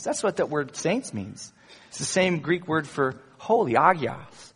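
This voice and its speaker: A male pastor preaching a sermon in an animated way, rising into emphatic quotes. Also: fairly high pitch, normal speed, husky. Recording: echoey hall, long reverb.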